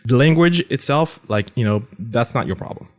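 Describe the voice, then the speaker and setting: A man's voice: medium pitch, animated, normal speed. A man hosting a casual tech podcast panel chat, laughing easily and often asking "right?".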